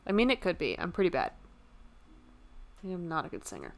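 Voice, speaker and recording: A woman's voice: on the low side, wildly swooping pitch, brisk. A woman streamer chatting casually and joking at her own expense while she draws. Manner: joking, self-deprecating. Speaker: livestreamer.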